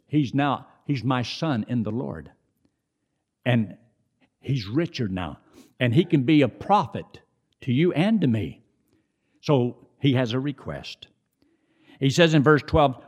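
Lively preaching man. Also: takes it slowly, pauses often. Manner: lively preaching, pitch rising high on emphasis, conversational asides. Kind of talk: sermon.

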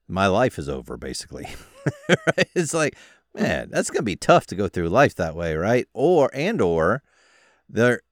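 A man's voice: low voice, no echo, clean studio sound. A middle-aged man hosting a podcast, talking in a preachy, fatherly way. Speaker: host. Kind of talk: casual podcast interview.

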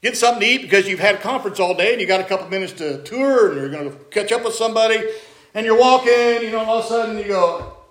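A man's voice: sits high, lively intonation, quick pace, fairly bright tone. A middle-aged man, a pastor, preaching a sermon in a chatty way and putting questions to his congregation. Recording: echoey church room.

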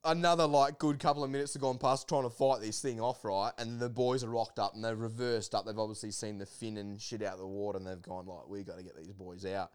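Aussie guy spinning a yarn, smooth clear voice, laughs a lot, lots of ums. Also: medium pitch, fast, few pauses. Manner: animated, laughing storyteller with lots of fillers. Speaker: podcast guest. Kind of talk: casual storytelling.

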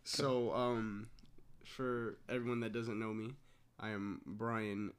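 A man's voice: fairly low pitch, little pitch movement, slow, clean tone. An eighteen-year-old man from Brooklyn, a laid-back, joking guest in a casual podcast chat. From Brooklyn, New York.

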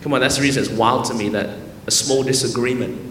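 A man's voice: mid-range voice, steady tone, fast, crowd noise. A man preaching a sermon with fervor, calling out to the congregation and often repeating words as he ad-libs. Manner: fervent, calls out to the congregation; stumbles and repeats words when ad-libbing. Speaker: pastor. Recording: echoey hall with long reverb.

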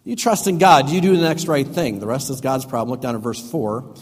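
A middle-aged male pastor preaching a sermon with emphatic swings between loud and hushed delivery. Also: medium pitch, lively intonation, fairly quick, husky. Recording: long hall reverb.

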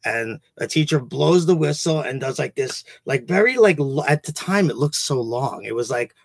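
A man's voice: medium pitch, expressive, normal speed, creaky, slight background noise. A man hosting a podcast, a teacher talking in a rambling, profane, casual way with many restarts. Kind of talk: casual chat.

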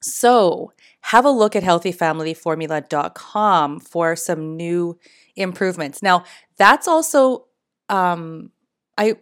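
A middle-aged woman, hosting a casual solo podcast in her morning voice, chatty and rambling with frequent laughs. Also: mid-range voice. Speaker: podcast host.

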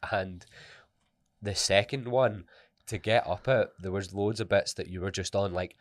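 A man's voice: low-pitched, measured pace, no echo, studio quality. A Scottish man co-hosting a podcast in casual chat, teasing his friends with blunt banter. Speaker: podcast co-host.

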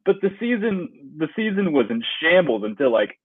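An exasperated man on a sports podcast, swearing and laughing as his pitch swings around. His husky voice comes through a tinny, phone-like line that sounds dry and close. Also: big pitch swings, moderate pace, no echo. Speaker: podcast co-host. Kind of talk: casual sports talk.

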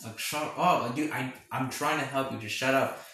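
A man voicing a weary young male rancher who talks low, curt and dismissive. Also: normal speed, bright, forceful tone. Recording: very echoey room.

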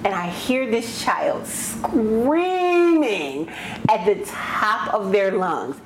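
Chatty woman cohost, lively storyteller, roomy echo and a bit of hiss. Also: mid-range voice, slow pace. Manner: animated storyteller, acts out quotes. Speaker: podcast co-host. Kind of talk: casual chat. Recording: echoey room, faint noise.

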